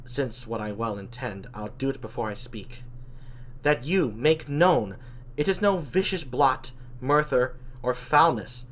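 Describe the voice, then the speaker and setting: A man reading the lines of an honest, proud young princess in a verse play, quiet and even. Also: mid-range voice, a little slow, a little hiss or hum. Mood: steady.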